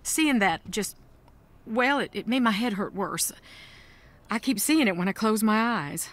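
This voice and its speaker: A woman's voice: mid-range voice, animated, a little slow, natural voice. A woman voicing a distressed woman in a video game who has a bad headache, strained and shaken. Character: upset woman with a pounding headache.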